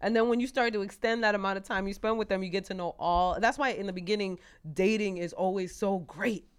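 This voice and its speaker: A woman in her thirties chatting casually as a podcast co-host, animated and laughing often as she acts out little quoted voices. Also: mid-range voice, a little fast, clear, resonant tone. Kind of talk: casual chat.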